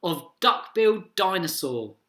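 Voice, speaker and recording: A man voicing a fierce tyrannosaurus family who shout loud rallying chants. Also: sits high, very animated, measured pace, echoey room, exaggerated voice. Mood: rowdy.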